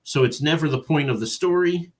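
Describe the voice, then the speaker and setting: Self-deprecating man telling animated stories. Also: a little high, a little fast. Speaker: podcast co-host and author. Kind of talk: casual chat.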